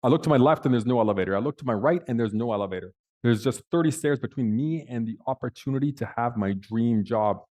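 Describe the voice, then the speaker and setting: A man's voice: medium pitch, fast talker, hardly any pauses, darkish tone. A man on a panel telling a personal story in a vivid, dramatic way with big swings in emphasis. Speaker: panel speaker.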